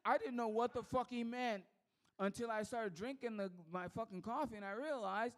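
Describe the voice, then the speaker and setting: A man's voice: very high-pitched, normal speed. A man from Texas doing a rambling, profane, self-mocking stand-up set. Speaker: stand-up comedian.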